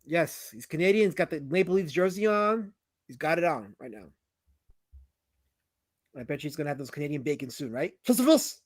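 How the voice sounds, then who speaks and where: A man hosting a livestream, teasing his chat and guest in casual banter, swinging from loud outbursts to mumbled asides. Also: a little high, a little fast, long pauses, dry recording. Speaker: livestream host.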